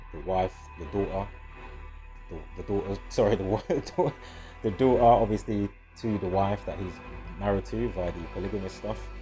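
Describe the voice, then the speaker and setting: Rambling man, low mellow voice. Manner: rambling, profane, laughs often, self-correcting. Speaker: video host. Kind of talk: casual monologue. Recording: faint background music. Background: faint music.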